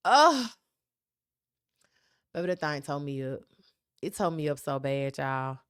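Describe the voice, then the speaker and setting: A woman's voice: low-pitched, very animated, measured pace, clean tone, dry recording, clean studio sound. A young woman from South Memphis with a Southern accent, talking candidly and emphatically on her solo podcast. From South Memphis, USA. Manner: candid, emphatic, keeps asking "right?". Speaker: podcast host.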